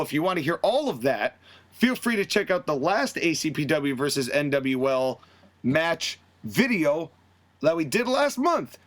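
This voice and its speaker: A man's voice: on the high side, a bit bright. A man hosting a podcast, animatedly recapping a wrestling storyline and acting out the characters' quotes in shifting voices. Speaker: podcast host. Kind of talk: casual recap of a fantasy wrestling booking.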